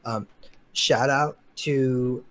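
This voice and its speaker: A man's voice: mid-range voice, steady tone, extremely slow, a bit bright. A young man co-hosting a podcast over a voice call, rambling through frank opinions in a laid-back, casual way. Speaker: podcast co-host. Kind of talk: casual chat. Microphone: remote voice call.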